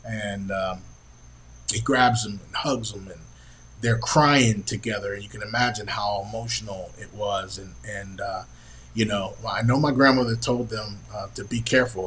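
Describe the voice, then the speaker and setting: A middle-aged man hosting a podcast, telling a family story in an earnest, halting way with many pauses and fillers. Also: on the low side, steady tone, fairly bright tone, low-quality recording. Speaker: podcast host. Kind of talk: personal storytelling.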